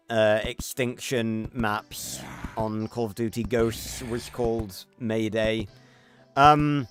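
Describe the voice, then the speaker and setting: A man livestreaming a game, chatting casually and rambling with lots of fillers and restarts. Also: lowish voice. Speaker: streamer. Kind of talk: casual gameplay livestream chat.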